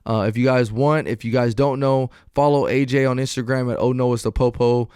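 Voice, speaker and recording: Smooth-voiced man hosting a podcast. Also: mid-range voice, steady tone, fairly quick, hardly any pauses, darkish tone, dry recording, clean studio sound. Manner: earnest, motivational, conversational. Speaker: podcast host. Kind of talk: casual podcast chat.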